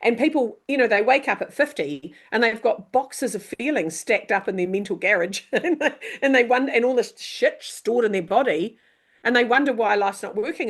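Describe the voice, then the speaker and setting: A middle-aged woman, a coach and author chatting as a podcast guest, animated and quick to act out what people say. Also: a little high. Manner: lively, animated, acts out quoted voices, mild swearing. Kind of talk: casual podcast chat.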